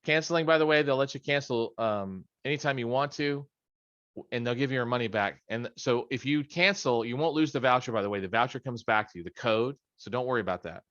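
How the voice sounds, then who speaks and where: A man's voice: medium pitch, fairly quick, a bit bright, dry recording, highs cut off. A middle-aged man leading a study session on a video call from his home office, in a casual, rambling way with joking asides. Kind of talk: casual training talk.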